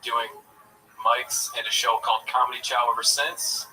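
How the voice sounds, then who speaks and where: A man doing a stand-up set, delivering crude jokes in a halting way with lots of fillers, then chatting about himself. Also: medium pitch, steady tone, bright, forceful tone, far from the mic, slight background noise, rough recording. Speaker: stand-up comedian, guest.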